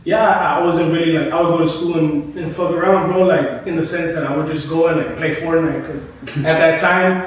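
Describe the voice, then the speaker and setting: A young man with a slightly higher voice recounts his story in a relaxed, slangy barbershop chat, swearing freely and tagging "bro" onto his sentences. He sits back from the mic in a very echoey room with faint noise behind him. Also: normal speed, far from the mic. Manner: loose, swearing, says "bro" constantly. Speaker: barber and podcast co-host.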